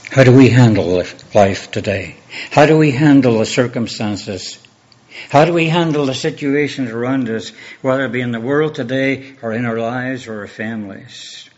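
A man preaching a sermon as a pastor, measured and earnest, building on repeated rhetorical questions. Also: medium pitch, darkish tone, muffled recording.

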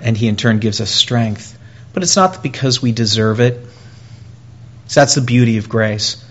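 A man preaching a sermon in an earnest way, repeating phrases and pausing, and growing louder and higher when he voices pleas. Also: dull audio. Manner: earnest, with pauses and repetition, rising and louder in quoted pleas.

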